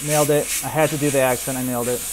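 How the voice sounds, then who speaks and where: A man giving casual how-to commentary while he airbrushes, relaxed and loose, saying "like" and "man" a lot. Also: mid-range voice, racing, background noise. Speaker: airbrush artist.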